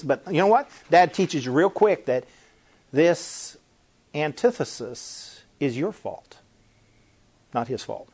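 A man preaching an emphatic sermon-style talk, firing rhetorical questions and repeating phrases as he presses each point. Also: fairly high pitch.

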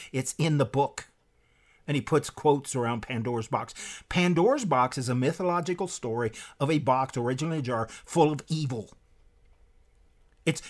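Guy preaching hard, kinda high voice, gets loud then drops low, reads quotes out. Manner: emphatic, with sharp swings in pitch and loudness; reads quotes aloud from a book. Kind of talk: impassioned sermon-style lecture.

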